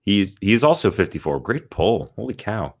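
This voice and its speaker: A man's voice: on the low side, big pitch swings, normal speed. A man co-hosting a podcast, chatting casually about movie news and reading out articles with lots of fillers. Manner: rambling, reads out news articles with many fillers. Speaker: podcast co-host.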